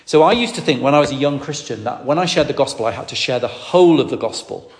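Preacher guy, talks fast, lots of restarts, echoey big room. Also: mid-range voice, lively intonation. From northwest England. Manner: rambling storytelling with many restarts. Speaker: evangelist. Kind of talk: sermon teaching. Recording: echoey hall.

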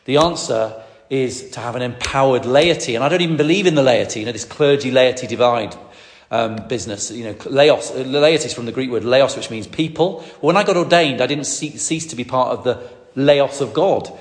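A middle-aged man preaches at a middle pitch. He speaks emphatically, often repeating words and restarting phrases. His voice carries the long reverb of a large hall. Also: a little fast. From Lancashire, England. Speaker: preacher, ordained minister. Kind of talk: sermon.

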